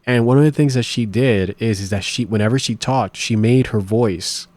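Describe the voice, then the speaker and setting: Low-voiced man rambling through commentary. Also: normal speed, darkish tone, no room sound. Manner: rambling, thinking aloud with many restarts. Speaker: reaction video host. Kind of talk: casual commentary.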